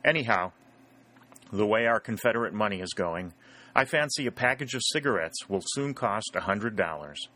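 A man's voice: lowish voice, lively intonation, moderate pace, pushed and bright. A man reading the lines of a grave, courtly old colonel in an audiobook.

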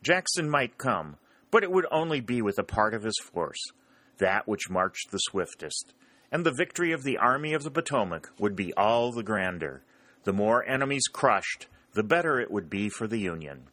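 A male narrator reading a historical novel in a steady, plain way. His voice sits on the low side yet sounds bright and forceful. The recording is dry with no room sound. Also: moderate pace, dry recording. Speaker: audiobook narrator. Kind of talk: storybook narration.

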